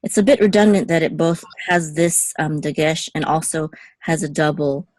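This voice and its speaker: A woman's voice: sits low, steady tone, moderate pace, darkish tone, dry recording. A young adult woman giving a patient one-on-one Hebrew lesson, checking in often with "okay". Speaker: Hebrew teacher.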